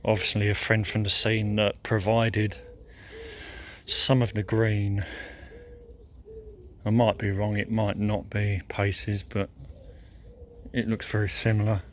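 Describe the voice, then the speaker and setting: A man vlogging as he walks outdoors by a lake, thinking aloud in a slow, musing way and noting that he feels a bit sore. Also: fairly low pitch, flat delivery. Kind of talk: casual walking commentary.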